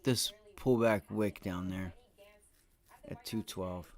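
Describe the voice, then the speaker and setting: A man's voice: low voice, slow. A man commenting live on his trades during a stock trading stream, swearing often and rambling. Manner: profane, excitable, rambling. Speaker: livestream day trader.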